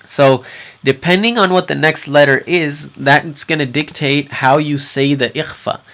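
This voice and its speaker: A man with a fairly high voice teaches recitation rules in a patient, explanatory way. He stops to say each example word slowly, more than once. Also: a bit bright. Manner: patient, repeats Arabic words slowly for practice. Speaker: tajweed teacher.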